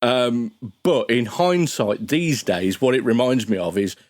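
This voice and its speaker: Podcast guest guy, rambly and chatty, mid pitch voice, dead dry mic. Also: measured pace, no echo. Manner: rambling, chatty, many restarts. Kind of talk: casual podcast chat.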